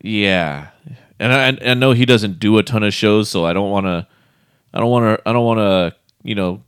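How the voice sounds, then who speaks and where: Laid-back man for casual car talk, deep-ish clean voice, dry close recording. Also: moderate pace, fairly bright tone, clean tone, no room sound. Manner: laid-back, laughs often, swears casually. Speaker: co-host. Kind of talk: casual chat.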